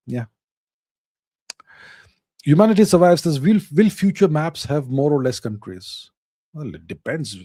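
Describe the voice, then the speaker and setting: Male host, slightly high mellow voice, emphatic repetition, dry close sound. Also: dry recording. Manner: reads viewer questions aloud, then answers in short emphatic, repeated phrases. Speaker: host answering live chat questions. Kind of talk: casual live Q&A monologue.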